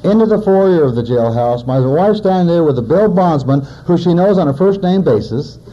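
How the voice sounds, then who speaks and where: A man's voice: on the high side, animated, normal speed, dark tone, muffled recording. A man in his forties, a recovering alcoholic, giving a personal testimony in a plainspoken storytelling manner with wry humor. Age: 40s.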